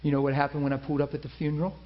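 A man's voice: fairly high pitch, little pitch movement, racing, highs cut off. A man preaching a sermon, telling a story and acting out the people in it.

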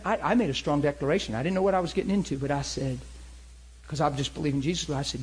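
A middle-aged man preaching, telling a story with animated acted-out dialogue. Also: on the high side, racing, husky, low-quality recording. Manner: animated, acts out both sides of dialogue. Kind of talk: sermon storytelling.

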